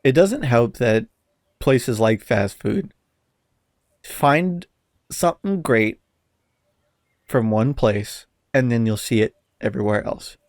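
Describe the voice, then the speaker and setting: A man's voice: medium pitch, expressive, takes it slowly, pauses often, dry recording, studio quality. A man co-hosting a podcast, ranting in casual chat and swearing a lot. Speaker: podcast co-host.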